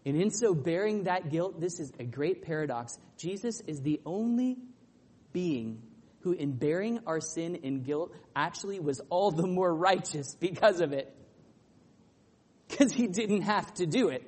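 Male preacher, high register, impassioned sermon delivery that swings between loud peaks and hushed lows. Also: animated, slow pace, breathy edge. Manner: impassioned preaching, rising to loud peaks then dropping low.

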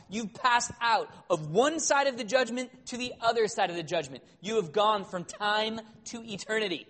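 Animated preacher in a reverberant hall. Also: male voice, high-pitched, moderate pace, hardly any pauses. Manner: animated, conversational, with wry humor. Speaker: pastor. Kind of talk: sermon.

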